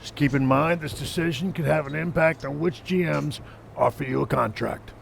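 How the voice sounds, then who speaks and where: A man's voice: fairly high pitch, normal speed, creaky, a little hiss or hum. A man voicing a businesslike male wrestling coach in a video game, speaking in a firm, matter-of-fact way.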